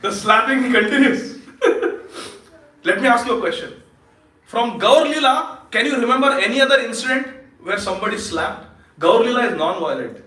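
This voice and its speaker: A man giving a lively storytelling sermon at a temple feast, laughing often and quizzing his audience. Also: very high-pitched, moderate pace. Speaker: speaker at a temple Sunday feast. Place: temple hall. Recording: echoey hall, distant mic.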